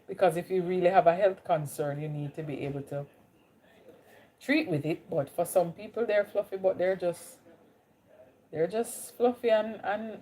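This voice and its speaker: A woman's voice: medium pitch, warm tone. A woman from Jamaica with a Jamaican accent, chatting casually on a livestream and greeting viewers by name. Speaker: livestream host. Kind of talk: casual live chat with viewers.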